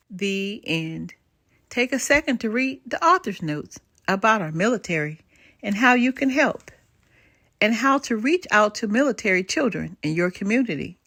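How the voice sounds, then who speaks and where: An older woman storyteller reading a bedtime story aloud, her pitch rising and falling a lot. The recording is close and dry, with no room around her. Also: normal speed, no room sound. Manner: expressive, lilting.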